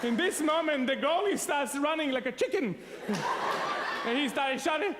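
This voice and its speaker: High-voiced preacher in a reverberant hall. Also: male voice, normal speed, background noise. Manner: animated storyteller, laughs often, acts out sounds and voices. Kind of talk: sermon with a humorous personal story.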